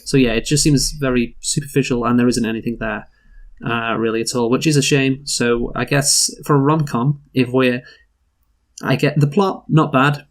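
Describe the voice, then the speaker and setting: A man's voice: medium pitch, fairly even intonation, normal speed. Candid, casually swearing man reviewing a film. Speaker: film review podcast co-host.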